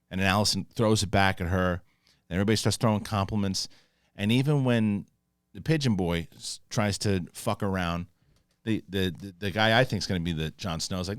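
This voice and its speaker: A man giving a casual, profane spoiler review of a TV episode, acting out scenes in quick paraphrased quotes. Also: low voice, smooth, no echo, studio quality. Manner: rambling with restarts when moved. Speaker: film and TV reviewer.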